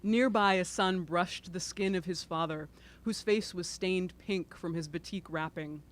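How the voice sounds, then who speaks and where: A woman author reading aloud from her own book at a bookstore event, breaking off into expressive, self-deprecating asides. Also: on the low side, measured pace.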